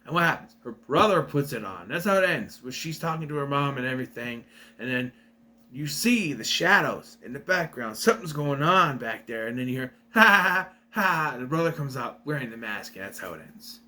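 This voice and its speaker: A man's voice: medium pitch, lively intonation, brisk, sharp tone. A young man giving a casual, rambling review, recapping a plot and correcting himself as he goes. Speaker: video reviewer.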